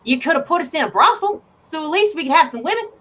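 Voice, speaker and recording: Casual woman GM, highish voice, lo-fi with faint hiss. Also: lively intonation, fast talker, fairly bright tone. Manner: giggly, casual storytelling. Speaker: game master. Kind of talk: narrating a tabletop game.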